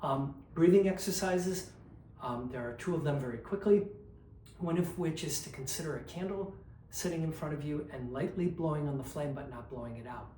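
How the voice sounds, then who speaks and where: A man's voice: on the high side, moderate pace. Man coaching diction in an echoey room. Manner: calm, explanatory, demonstrates drills aloud. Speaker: vocal coach. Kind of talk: instructional diction drills. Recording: roomy echo, faint background noise.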